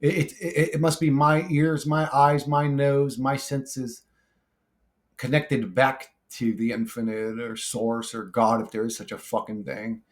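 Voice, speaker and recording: A man talks off the cuff to his viewers in a blunt, profane way. He wanders through his thoughts with frequent restarts and fillers. His voice sits at an ordinary middle pitch for a man. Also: level tone, a little slow. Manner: blunt, swears freely, rambling with restarts. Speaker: YouTuber reading comment replies. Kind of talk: casual monologue.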